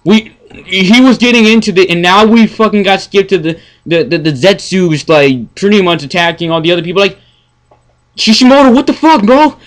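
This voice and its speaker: A man ranting in a casual review, profane and exasperated, stammering and swinging from mumbling to yelling. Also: sits high, a little fast. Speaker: anime reviewer.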